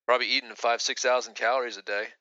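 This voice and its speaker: A man co-hosting a podcast tells a long, rambling story, full of false starts and "like"s. His voice is bright and forward, recorded dry and close on a slightly dull, lo-fi mic. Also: medium pitch, fairly even intonation, racing, no room sound. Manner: rambling, many restarts and "like" fillers. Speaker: podcast co-host. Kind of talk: casual storytelling chat.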